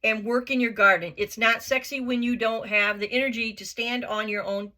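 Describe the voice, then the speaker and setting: A woman's voice: on the high side, fairly even intonation, normal speed, pushed and bright. A woman giving an earnest motivational vlog monologue, blunt and emphatic, repeating her points and swearing casually. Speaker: vlogger.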